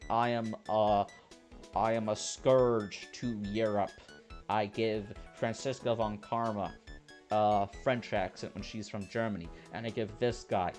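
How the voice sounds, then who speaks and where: This let's play host's voice sits on the low side with a darkish tone. He offers casual, joking commentary while playing, reading lines aloud and doing the characters' voices as game music plays behind him.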